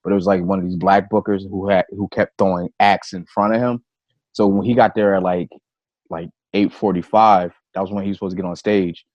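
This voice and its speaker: A man's voice: low voice, little pitch movement, brisk, darkish tone, no room sound, muffled recording. A comedian on a podcast, a man telling a loose, profane anecdote in casual chat. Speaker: comedian guest.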